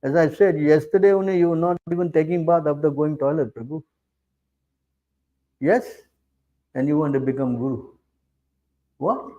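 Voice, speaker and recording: A man's voice: fairly high pitch, steady tone, moderate pace, pauses often, mellow, muffled recording. A middle-aged man giving a scripture class as a preacher, challenging his listeners and often asking rhetorical questions. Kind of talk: sermon.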